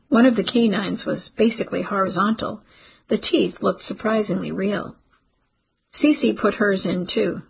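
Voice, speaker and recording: Raspy, creaky woman narrator. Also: mid-range voice, poor audio. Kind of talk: audiobook narration.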